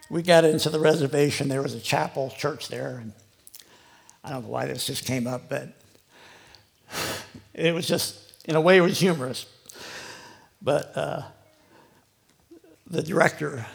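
Speaking at a measured pace with frequent pauses, an older lay preacher shares his personal testimony before a live audience. His voice is a little high, gravelly and husky, and his conversational, meandering talk is full of "you know."

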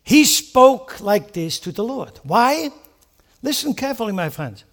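Man, pastor, high-pitched, animated sermon, rhetorical questions. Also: measured pace. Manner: animated preaching with rhetorical questions and acted-out prayers.

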